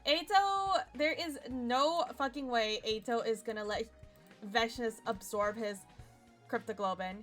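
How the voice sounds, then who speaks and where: A young woman streaming a game, chatty and excitable, with a voice still rough from a nap. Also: a little high, measured pace, faint music behind. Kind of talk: casual game commentary.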